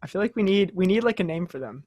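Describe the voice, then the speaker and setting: A man hosting a podcast in casual chat, playful, excitable and jokey. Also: sits high, fast talker, no echo, highs cut off. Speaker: podcast host.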